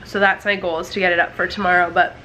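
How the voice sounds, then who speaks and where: A woman's voice: on the low side, flat delivery, fast, bright, forceful tone, a little hiss or hum. A woman chatting casually to her camera at home in a family vlog, rambling with lots of fillers. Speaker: family vlogger. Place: indoors at home near a running dryer.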